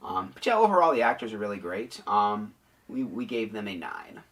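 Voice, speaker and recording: A man's voice: on the low side, sing-song, brisk, a bit bright, distant mic. A man casually reviewing a haunted attraction, rambling with many ums and restarts.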